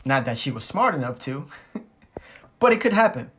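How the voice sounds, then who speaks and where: Guy doing a storytime vlog, animated, cussing, comic. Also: medium pitch, moderate pace, pauses often, slightly rough. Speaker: vlogger.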